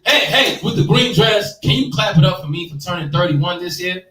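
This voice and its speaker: A man's voice: high-pitched, a little fast. Stand-up comic man in his thirties, echoey. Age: 30s. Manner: animated, slangy, chats with audience. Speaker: stand-up comedian. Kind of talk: stand-up set. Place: live comedy show room. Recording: echoey room, mic from far off.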